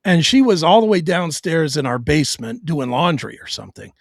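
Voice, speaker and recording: A man's voice: on the high side, big pitch swings, fairly quick, vocal fry, no echo, studio quality. A middle-aged man on his own show, telling a hard personal story bluntly and profanely, with stammered restarts.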